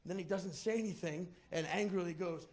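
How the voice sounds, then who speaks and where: A man performing a stand-up comedy routine, telling a story with animated delivery and acting out the people in it. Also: sits high, a little fast. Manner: animated storytelling, acts out characters, shouts punchlines.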